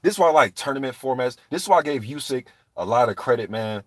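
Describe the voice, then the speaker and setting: A man's voice: medium pitch, expressive, fast, no room sound. Male boxing streamer, fired-up and repetitive, talking to chat, mid-range voice, dry room. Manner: heated, profane, repetitive ranting; addresses viewers in a live chat. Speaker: boxing commentator. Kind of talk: ranting live stream commentary.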